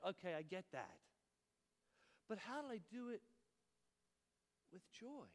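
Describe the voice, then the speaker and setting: A middle-aged male pastor preaching a sermon, telling family stories and mimicking his children in a high voice. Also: slow pace, long pauses. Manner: animated storyteller, mimics his kids in a high voice. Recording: long hall reverb.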